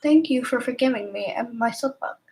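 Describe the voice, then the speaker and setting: A woman voicing a shy, apologetic young woman in whispered role-play, speaking in a soft pleading whisper. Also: a little high, normal speed, close to an everyday voice. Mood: relieved.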